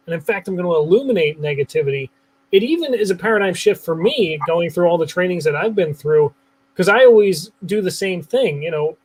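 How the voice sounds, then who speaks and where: A man's voice: sits high, breathy edge, low-quality recording. A male show host speaking in a casual, enthusiastic, reflective way during an interview. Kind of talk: conversational interview.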